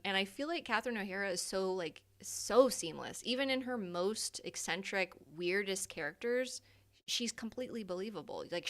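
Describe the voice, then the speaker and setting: A woman's voice: fairly low pitch, fairly bright tone. A young adult woman hosting a casual live stream, chatty, laughing often and swearing freely.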